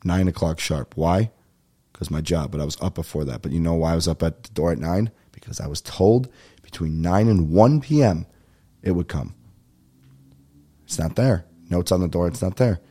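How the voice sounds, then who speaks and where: Profane ranting man with a low, mellow voice. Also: normal speed. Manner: profane, ranting, acts out phone calls. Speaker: podcast host. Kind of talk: casual comedic storytelling.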